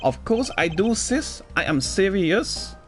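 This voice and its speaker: Man playing a cocky agent, put-on accent mixing Chinese and Vietnamese, voice sits high, deliberate delivery. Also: sing-song, faint music behind, heavily acted. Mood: serious. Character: brash adult male foreign agent.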